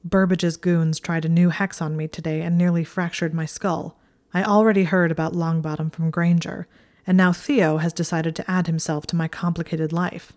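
A woman's voice: lowish voice, level tone, normal speed, a little mellow, lightly acted. A woman doing a snarling teenage boy wizard. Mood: angry. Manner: snarling, clipped. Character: brooding teenage boy wizard, hot-tempered.

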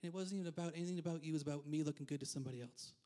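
A man's voice: on the high side, rapid-fire, mellow. A man preaching a conversational sermon as pastor in a church, candid and self-deprecating, with frequent asides.

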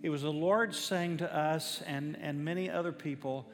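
A man's voice: fairly high pitch, fairly even intonation, moderate pace. A man, a pastor telling a story in a sermon, emphatic and building to fervent preaching. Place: church sanctuary. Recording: reverberant church hall with faint music.

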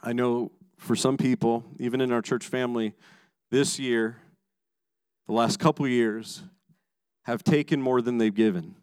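A man preaching a sermon as pastor, emphatic, moving between raised passages and hushed low ones, often repeating words as he starts a sentence. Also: steady tone, a little slow, clear, resonant tone, no echo.

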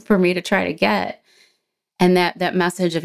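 A woman with a lowish voice tells a personal story to an interviewer. She is animated and acts out the lines of the people in it. When she gets emotional she slows right down. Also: creaky, clear, resonant tone. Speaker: guest.

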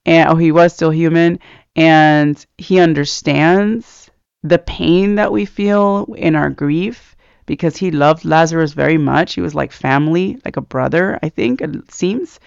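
A man's voice: fairly high pitch, a little slow, vocal fry, clear, resonant tone, no echo. A man giving a casual, rambling devotional talk about reading scripture, earnest, with many fillers. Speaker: Christian speaker. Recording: dull lo-fi sound, dry.

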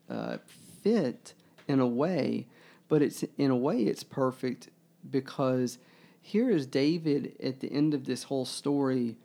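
A man with a gravelly, mellow voice talks through a book in casual discussion. He muses aloud at a middling pitch. He stops often to restart his sentences. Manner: musing, halting, many restarts.

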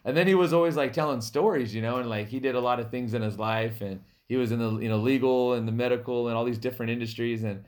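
A man from a Native American reservation hosting a podcast, telling stories in a casual, animated way, laughing often and acting out the people he quotes. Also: medium pitch, quick pace, hardly any pauses. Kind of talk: casual storytelling chat.

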